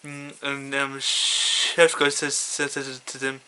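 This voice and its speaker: A man's voice: mid-range voice, monotone, takes it slowly, few pauses, bright, forceful tone, smooth. A man casually retelling his own fan story, stammering with many restarts. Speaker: fanfiction reader.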